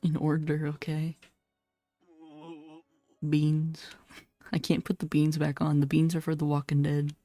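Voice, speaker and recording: A woman streaming a horror game, chatting casually and bluntly, swearing and laughing often, her voice a little hoarse. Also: deep voice, completely flat delivery, a little slow, pauses often, dark tone, no room sound, soft background music. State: slightly hoarse. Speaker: VTuber streamer. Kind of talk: casual gameplay commentary.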